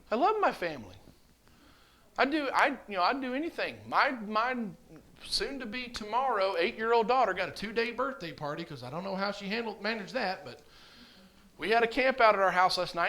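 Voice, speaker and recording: A man's voice: sits high, big pitch swings, a little fast, bright, forceful tone. A man teaching a children's communion class, coaxing answers with repeated questions. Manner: coaxing, asks questions over and over. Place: church classroom.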